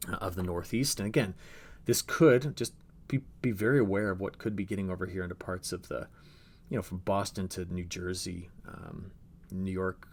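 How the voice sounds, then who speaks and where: A man's voice: deep voice, gravelly, slight background noise. A man giving a chatty agricultural weather briefing over forecast maps, talking straight to viewers and often restarting his phrases.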